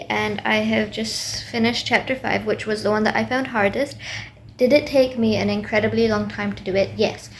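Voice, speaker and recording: A young woman talks through her study plans in a loose, rambling video diary, full of ums and restarts. Her voice sits a little high and often crackles into fry, with a faint hum underneath. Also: steady tone, a little slow. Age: young adult. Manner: rambling, self-talking with many fillers. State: tired late at night. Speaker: student vlogger.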